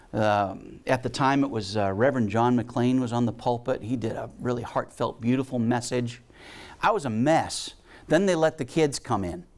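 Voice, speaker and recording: A man giving a heartfelt storytelling talk to a spiritual community, acting out the voices of people in his stories. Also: mid-range voice. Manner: animated storyteller, acts out voices. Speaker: guest speaker and musician.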